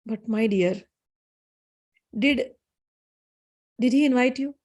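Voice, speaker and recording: A woman voicing a divine husband who gently warns and then soothes his angry wife. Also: a little high, slow. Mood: cautioning. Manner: gently cautioning.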